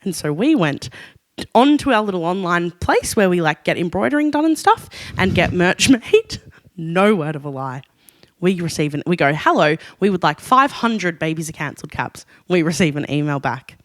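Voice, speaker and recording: A woman's voice: fairly low pitch, big pitch swings, normal speed, no echo, studio quality. A woman co-hosting a podcast, chatting casually and laughing through her stories. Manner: giggly, chatty storyteller. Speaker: podcast co-host. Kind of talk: casual chat.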